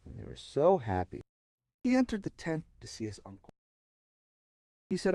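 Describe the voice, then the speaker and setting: Lively, mellow-voiced male storyteller. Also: mid-range voice, normal speed, dry recording. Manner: expressive, swings from soft to emphatic. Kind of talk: dramatic oral storytelling.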